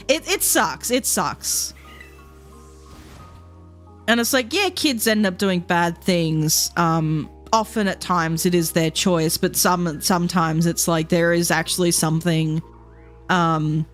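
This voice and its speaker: A woman's voice: lowish voice, slow pace, faint music behind. Rambly, sweary streamer woman. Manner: rambling storyteller, swears freely, laughs often. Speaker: VTuber streamer. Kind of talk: casual chat.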